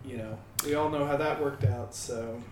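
A man's voice: medium pitch, normal speed, roomy sound, noisy background. A man co-hosting a podcast in casual, jokey banter. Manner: animated, jokey. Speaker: podcast co-host.

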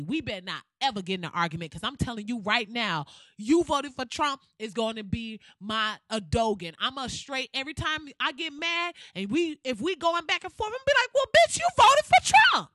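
A woman hosting a podcast who rants in a blunt, profane, sarcastic and animated way. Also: a little high, no echo, clean studio sound. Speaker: podcast host. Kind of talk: podcast rant.

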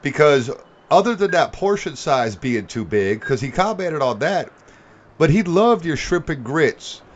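A man's voice: fairly high pitch, sing-song, unhurried, highs cut off. A male podcast host asking eager, enthusiastic questions in a casual interview.

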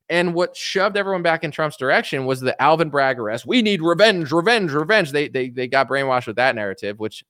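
A man giving casual political commentary on a stream, animated and mocking, acting out the people he quotes. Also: mid-range voice, no echo, clean studio sound.

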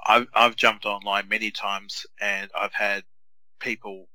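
A man co-hosting a podcast in casual chat, telling animated stories and acting out other players in raised voices. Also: fairly low pitch, measured pace, dry recording, poor audio. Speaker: podcast co-host.

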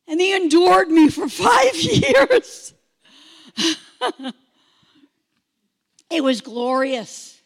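A woman in her sixties giving an impassioned testimony sermon, swinging between shouted fervor and hushed intensity. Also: extremely high pitch, animated, slow, pauses often. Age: 60s.

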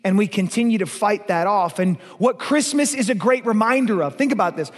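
Male pastor, emphatic sermon delivery with playful asides; higher voice, long hall reverb. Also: lively intonation. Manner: playful, emphatic preaching, slows way down on key lines.

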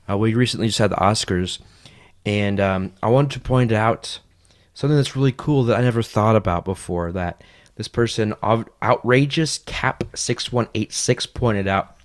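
A man's voice: fairly low pitch, dry recording, studio quality. A young man co-hosting a casual podcast chat, rambling and hesitant with lots of fillers. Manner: rambling, self-deprecating, hesitant. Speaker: podcast co-host.

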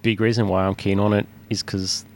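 A man's voice: fairly low pitch, flat delivery, fairly quick, darkish tone, slight background noise. A man talking casually about retro arcade hardware in a podcast conversation, rambling with restarts and frequent laughs. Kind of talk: casual chat.

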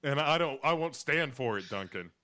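A man's voice: medium pitch, animated, normal speed, pushed and bright. A man co-hosting a podcast, recapping a show in a rambling, jokey way with silly voices. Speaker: podcast co-host. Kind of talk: casual comedic recap chat.

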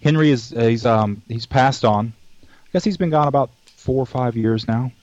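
A man's voice: medium pitch, moderate pace, a little mellow, no echo. A man hosting a cooking show, chatting casually in a folksy, rambling way and telling jokes along the way. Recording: dull dry lo-fi recording.

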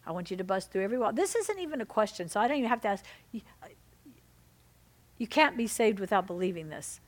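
A woman pastor preaching a sermon, swinging between loud exhortation and soft, intimate lines. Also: mid-range voice, very animated, fast.

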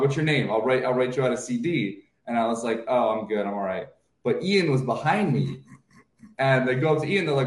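A man's voice: mid-range voice, expressive, normal speed. Man telling stories in an echoey room. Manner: storytelling, acting out other people's lines. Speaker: co-host, stand-up comic. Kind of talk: casual comedic chat. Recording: roomy echo.

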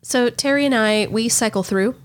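A woman co-hosting a podcast in casual chat, chatty and quick to laugh. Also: on the high side. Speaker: podcast co-host.

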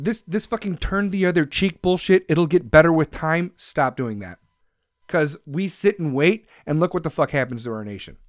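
A man's voice: a little high, no room sound, studio quality. A man delivering an angry, profane rant to camera, aggressive and swearing constantly. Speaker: vlogger.

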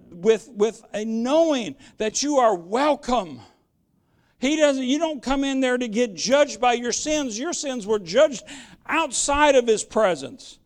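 High-voiced emphatic male preacher. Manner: emphatic, repeats words when searching; plain-spoken, direct. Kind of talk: sermon.

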